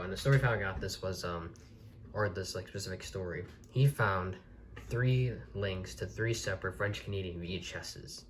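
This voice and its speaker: A man's voice: deep voice, fairly bright tone, slight background noise. A man reviewing a collectible video tape from the desk in his bedroom, talking casually and rambling with many restarts.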